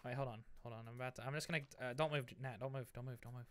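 A man's voice: mid-range voice, fairly even intonation, racing, a crowd in the background. A man hosting a let's play in casual gaming chat, bossing his teammates around. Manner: bossy, directing teammates.

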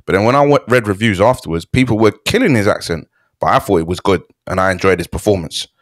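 A man co-hosting a casual movie-review podcast, speaking in a calm, measured way. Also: fairly low pitch, no room sound, clean studio sound. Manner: calm, measured, mildly defensive. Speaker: podcast co-host.

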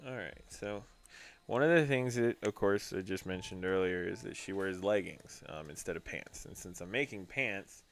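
Man, low voice, artist host, casual and jokey. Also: normal speed. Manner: chatty, laughs often, slips into silly voices. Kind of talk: casual chat while drawing live.

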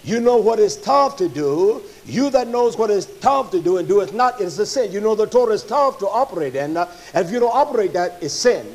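High-voiced man preaching a fiery sermon. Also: animated, a little fast, hardly any pauses. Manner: swings from loud fervent preaching to low, quiet stretches, frequent "uh" fillers.

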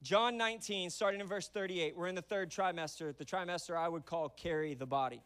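A man with a fairly high voice delivers a lively sermon as pastor. He talks in loose, folksy language and slips into stories, and he rises to loud, forceful shouts. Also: brisk, clean tone. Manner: energetic storytelling preaching, sometimes shouting; casual, folksy wording.

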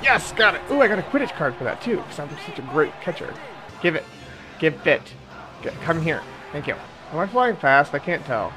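A man's voice: fairly high pitch, very animated, a little fast. A young man giving casual, joking commentary as he plays a video game, chatty and self-mocking. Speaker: gaming channel host. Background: game music.

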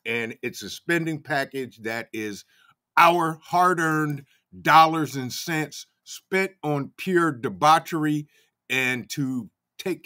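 A man's voice: a little high, sharp tone. A man hosting a casual livestream, fired up and greeting chat viewers by name. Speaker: livestream host. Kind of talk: casual live-chat commentary.

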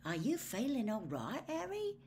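A woman voicing a gruff, blunt teenage boy wizard, speaking loud and gruff. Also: on the high side, wildly swooping pitch, normal speed, slight background noise, voice pushed up. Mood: worried.

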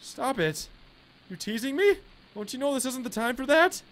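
A man's voice: very high-pitched, big pitch swings, normal speed, fairly bright tone, pitched above the performer's own voice, heavily acted. Man putting on a jumpy, worried young woman. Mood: anxious.

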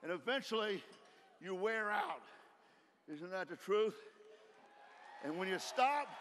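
A man giving a folksy, emphatic motivational speech from a stage, firing off rhetorical questions and sometimes shouting. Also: high voice, lively intonation, slow pace, pauses often, a crowd in the background. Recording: reverberant hall, faint background noise.

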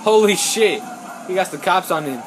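A man giving casual let's play commentary, excitable and profane, yelling at the game. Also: high voice, moderate pace, noisy background. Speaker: gameplay commentator. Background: game music.

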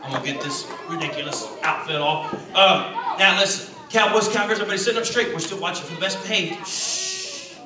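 A man tells a Bible story to a room of children, animated and folksy, with a high, bright, sharp voice that rises and falls. He sounds distant, his voice bouncing around an echoey church hall. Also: brisk. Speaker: children's Bible school preacher.

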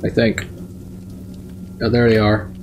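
A man hosting a casual let's play, joking and swearing loudly at the game. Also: fairly low pitch, monotone, slow pace, background noise. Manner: swears and yells in bursts at the game. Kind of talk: casual gameplay commentary.

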